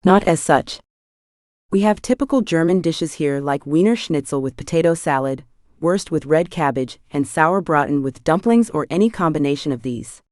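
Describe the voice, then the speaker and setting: Schmidt is a wary male hotel manager in an audiobook, stiffly polite and clipped, as a woman reads him. His voice is low and dry. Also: animated, normal speed, a little mellow, no echo. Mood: pointed.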